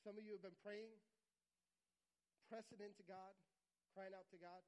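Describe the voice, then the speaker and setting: A man preaching a sermon, earnest and repetitive, sometimes dropping to a quiet, intimate tone. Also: sits high, steady tone, normal speed, poor audio. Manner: earnest, repeats phrases for emphasis, drops to quiet intimate tones. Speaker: pastor.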